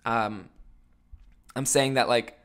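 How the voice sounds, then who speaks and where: A young man hosting his own podcast with a rough morning voice, rambling jokily between loud outbursts and mumbled asides. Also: medium pitch, steady tone, slow pace. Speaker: podcast host. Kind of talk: casual solo podcast chat.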